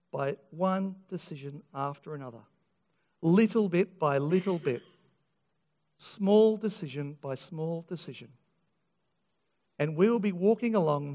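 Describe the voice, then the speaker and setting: A man preaching in a church, with an earnest, emphatic delivery that restarts often and slips in wry humour. His voice sits high, and a long reverb hangs behind it on a dull, lo-fi recording. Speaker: pastor. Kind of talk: sermon.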